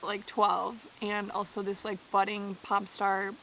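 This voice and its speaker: A young woman from Canada chatting casually about a book she is reading, excitable and full of "like" fillers. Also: medium pitch, unhurried, a little hiss or hum, rough recording. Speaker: book vlogger.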